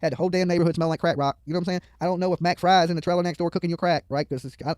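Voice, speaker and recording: Guy streaming from a studio, rattles off crude heckling super fast, slightly high voice, dry sound. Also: fairly even intonation, a little mellow, smooth, no echo. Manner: mocking, heckling, rambling storytelling. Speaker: streamer commentating on a video. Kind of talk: profane live commentary.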